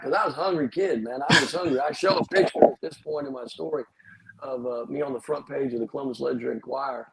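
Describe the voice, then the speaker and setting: A man's voice: mid-range voice, sing-song, fast talker, gravelly, over a noisy crowd, poor audio. A middle-aged pastor, telling his life story as a podcast guest with humorous, wry asides.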